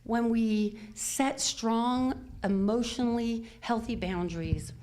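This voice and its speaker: A woman's voice: on the high side, slow pace, darkish tone. An older woman minister giving a conversational, self-deprecating sermon, full of fillers and small laughs. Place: church sanctuary.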